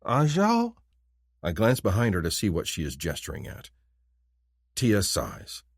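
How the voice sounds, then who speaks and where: A man reads a romance novel in the first person in a deep voice with lively, wide-ranging pitch. The reading is expressive and intimate, and the mic is dry and close. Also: moderate pace, gravelly, husky, dry recording. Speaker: audiobook narrator.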